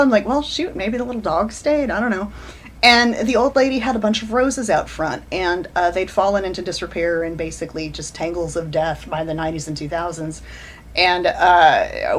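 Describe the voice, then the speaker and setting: A woman's voice: lowish voice, slight background noise. Woman in her forties telling rambling stories. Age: 40s. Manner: rambling anecdotal storyteller, frequent restarts and laughs. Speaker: author guest. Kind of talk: casual storytelling chat.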